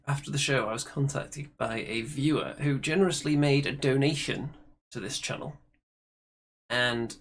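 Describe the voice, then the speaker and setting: A man's voice: mid-range voice, vocal fry, husky. A man hosting a casual hobby chat show, presenting the segments in a chatty way. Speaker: host.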